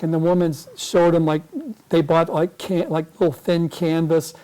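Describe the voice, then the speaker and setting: A man's voice: a little high, level tone, normal speed, warm tone, poor audio. An older man speaking to a club audience, telling a folksy, rambling story and often repeating words as he restarts. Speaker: guest speaker. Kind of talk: anecdotal storytelling talk. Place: club meeting room.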